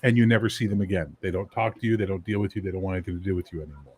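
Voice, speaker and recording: Guy w a husky voice swearing thru a loose story, casual chat. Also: deep voice, steady tone, rapid-fire, darkish tone. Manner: blunt, profane, storytelling with acted-out quotes.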